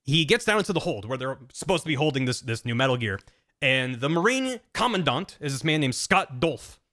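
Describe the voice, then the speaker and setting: A man on a stream, casually retelling a game's story to friends in a rambling, animated way, dropping into quick voices for the characters. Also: medium pitch. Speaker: streamer explaining game plots.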